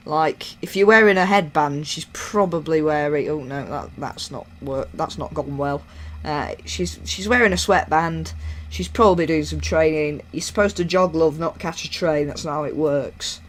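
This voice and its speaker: A man's voice: a little high, moderate pace, few pauses, fairly bright tone. Jokey rambling man on game commentary. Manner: rambling, jokey, self-mocking. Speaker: gaming YouTuber. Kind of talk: casual gameplay commentary.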